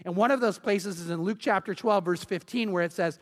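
A pastor preaching a sermon, animated and acting out the voices of the people he quotes. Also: sits high, brisk, hardly any pauses. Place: church sanctuary. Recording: long hall reverb.

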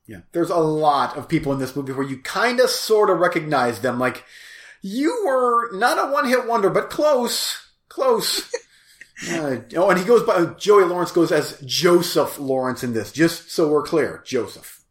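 A laid-back man with a slightly high voice, co-hosting a casual movie review chat. He sounds agreeable and wry. His voice carries the echo of a bare room. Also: big pitch swings, normal speed. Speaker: podcast co-host and film reviewer.

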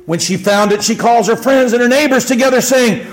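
Guy preaching, fairly high voice, gets loud and excited acting stuff out. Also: moderate pace, hardly any pauses. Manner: animated, shouts and acts out joyful voices. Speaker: pastor. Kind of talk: sermon.

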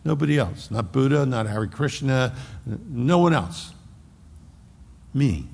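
A pastor in a church sanctuary preaches in a gravelly, fry-edged, mid-range voice at a measured pace. He drives his points hard, then drops to a hush, explaining scripture with homely everyday asides. The large sanctuary gives his voice a long reverb.

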